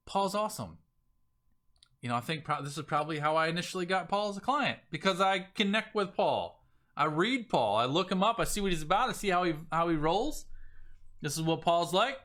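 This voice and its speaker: A man coaching on selling, talking casually and with energy, often acting out sample messages in a lively voice. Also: sits high, fairly quick. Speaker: business coach. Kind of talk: casual teaching talk.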